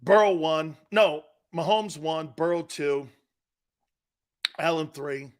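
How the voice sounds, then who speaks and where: A man's voice: on the high side, slow. A middle-aged man hosting a sports talk radio show, brash and mocking, talking back to his listeners. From United States.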